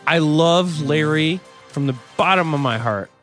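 A man co-hosting a podcast in casual comedic chat, jokey and quick to slip into silly voices. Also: on the high side, a bit bright, soft background music. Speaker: podcast co-host.

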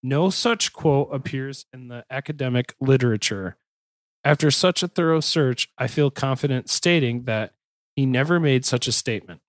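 A man's voice: medium pitch, moderate pace, no room sound, studio quality. Man rambling through a podcast chat. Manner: rambling, joking, self-correcting restarts. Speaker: podcast host. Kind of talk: casual podcast chat and reading notes aloud.

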